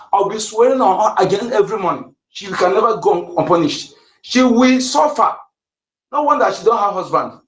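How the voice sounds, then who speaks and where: Give me a man with a high voice, speaking to a room online. Make it heated and insistent, stumble into restarts and fillers, and repeat the key points. The sound should be roomy and echoing. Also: fairly bright tone. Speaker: participant in an online audio space. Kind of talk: impassioned speech to an online audience.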